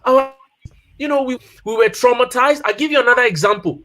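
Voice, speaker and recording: Faint music plays behind a man in his thirties or forties whose voice is very high-pitched and fairly bright, his pace brisk. He speaks casually as a guest on family life, recounting personal stories and hammering home key points by repeating them.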